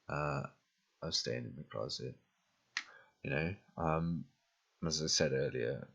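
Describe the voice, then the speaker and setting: A man's voice: extremely low pitch, vocal fry, a bit bright, breathy edge, highs cut off. A young male talk show host chatting casually, rambling and frank, swearing freely. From immigrant to Britain. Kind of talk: casual chat.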